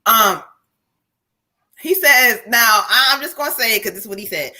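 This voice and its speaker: A woman's voice: on the high side, animated, normal speed, bright, forceful tone. A woman psychic medium on a casual live-stream reading, relaying a spirit's words in slangy, profane bursts.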